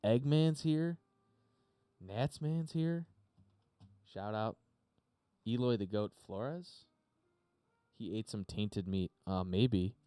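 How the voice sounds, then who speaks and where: A podcast host with a low, warm, clean-toned voice speaks slowly, leaving long pauses, with no echo. He chats unscripted on a live stream from his home studio through a desk mic and mixer, rambling with many fillers and casual swearing.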